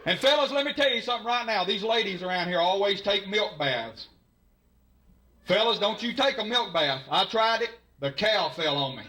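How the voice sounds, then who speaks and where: At a live show in a college venue, a man from Alabama performs folksy stand-up in a Southern drawl, playing with the crowd. His voice sits high and animated at a moderate pace, captured on a live stage mic with crowd noise.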